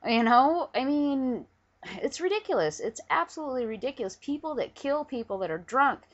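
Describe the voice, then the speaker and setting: A woman's voice: sits high, expressive, moderate pace. Angry profane woman ranting at webcam. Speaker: vlogger. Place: at home. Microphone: camera on a pillow. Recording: dull lo-fi webcam audio.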